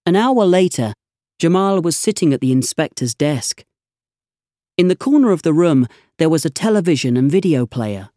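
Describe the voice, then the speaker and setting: A narrator reading a storybook aloud in a measured, scripted way. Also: mid-range voice, expressive, warm tone, dry recording, studio quality.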